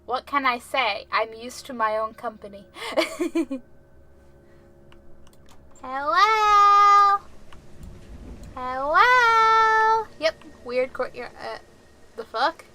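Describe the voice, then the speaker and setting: Bright-voiced woman streamer, chatty and jokey. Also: on the high side, measured pace. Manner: chatty, jokey, swears freely, laughs often. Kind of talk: casual gameplay commentary.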